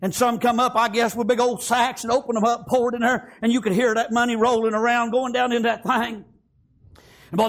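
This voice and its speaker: Fervent high-voiced preacher. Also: male voice, fairly bright tone. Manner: fervent, frequent "praise God" and "amen", storytelling. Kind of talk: sermon.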